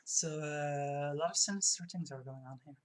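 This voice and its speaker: A woman streaming a video game, reading its text aloud with soft muttered asides. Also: low voice, moderate pace.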